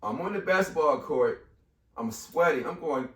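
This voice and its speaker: This podcast guest, a man in his fifties, has a somewhat high voice and talks a little slowly. He shares a personal story casually and with animation, acting out the people's voices. The room is echoey and the mic sits far away.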